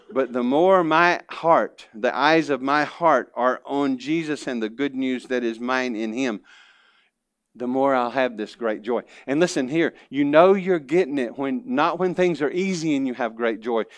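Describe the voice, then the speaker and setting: A man preaching a sermon as pastor, earnest, dropping quiet and then rising to emphatic lines. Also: mid-range voice, measured pace, dry recording. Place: church.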